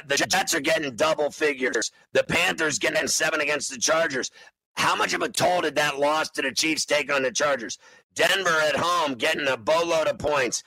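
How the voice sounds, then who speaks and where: A man co-hosting a sports betting show, loud, crude and mocking, breaking into sudden shouts. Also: on the high side, no echo, low-quality recording. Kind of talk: brash sports betting talk.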